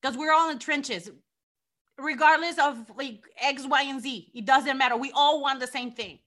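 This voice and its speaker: A woman's voice: sits high, normal speed, a bit bright. A woman from Mexico with a Mexican accent, a wrestling champion speaking with passion in an interview, often repeating herself.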